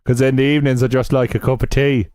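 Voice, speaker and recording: A man's voice: medium pitch, flat delivery, fast, darkish tone, clear, resonant tone, dry recording. A man co-hosting a podcast, chatting casually with jokes and puns. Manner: jokey, punning, teasing. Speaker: podcast co-host. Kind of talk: casual chat.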